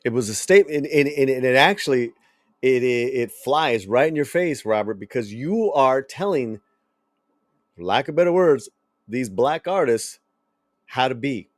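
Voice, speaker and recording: A man hosting a commentary channel, reacting to a clip in a blunt, animated way, swearing and repeating himself. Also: medium pitch, normal speed, no room sound, studio quality.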